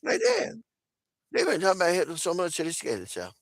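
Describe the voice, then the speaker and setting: A man ranting casually on a call, laughing often, swearing freely, and swinging from low mutters to loud outbursts. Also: huge pitch swings, moderate pace, pauses often, no room sound. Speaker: commentator.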